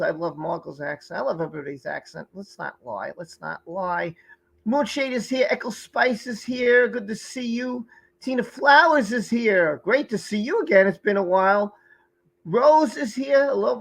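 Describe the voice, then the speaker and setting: A man's voice: very high-pitched, lively intonation, moderate pace, vocal fry, rough recording. A man hosting a live stream, chatting casually and greeting viewers by name from the chat, sometimes stumbling over their names. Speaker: livestream host.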